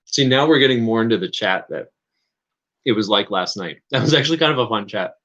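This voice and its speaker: Low-voiced man rambling on a livestream. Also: expressive, a little fast, fairly bright tone, dull audio. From Canada. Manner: rambling, hesitant, self-correcting with many fillers. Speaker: livestream host. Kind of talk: casual livestream chat.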